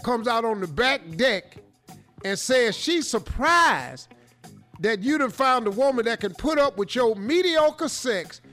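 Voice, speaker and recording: High, lively male radio host. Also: measured pace, faint music behind. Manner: animated, joking, slangy, acts out scenes. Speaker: radio show host reading a listener letter. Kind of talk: comic advice talk.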